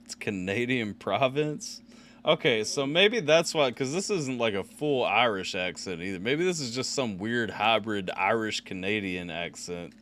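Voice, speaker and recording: A man hosting a live music reaction stream, bantering loudly with laughs and swearing. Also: on the low side, animated, unhurried, slight background noise. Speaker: stream host.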